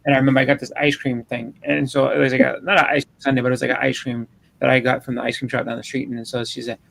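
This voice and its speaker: A man's voice: mid-range voice, flat delivery, rapid-fire, creaky, fairly bright tone, rough recording. A man in his thirties and father of a young daughter, co-hosting a casual podcast chat and telling rambling stories full of restarts and acted-out quotes. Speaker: podcast co-host. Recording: faint background noise.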